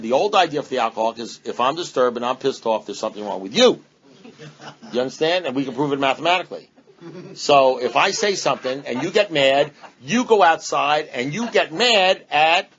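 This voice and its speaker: A man's voice: medium pitch, a bit bright. A man speaking at a recovery meeting, rambling and blunt, with punchy repetition and sarcastic asides. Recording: dull lo-fi meeting recording.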